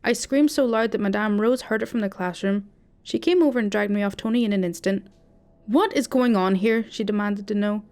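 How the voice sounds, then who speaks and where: A woman narrating a first-person horror story in a steady, dramatic storytelling manner. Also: mid-range voice, a little fast.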